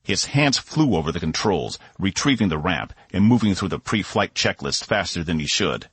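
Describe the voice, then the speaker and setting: Deep husky male audiobook narrator. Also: moderate pace, dry recording. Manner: expressive storytelling. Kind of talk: scripted narration.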